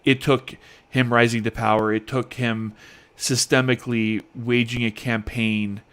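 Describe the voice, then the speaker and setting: A man co-hosting a casual podcast panel, talking in an earnest, halting way as he searches for words. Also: mid-range voice, level tone, fairly bright tone. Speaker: podcast co-host.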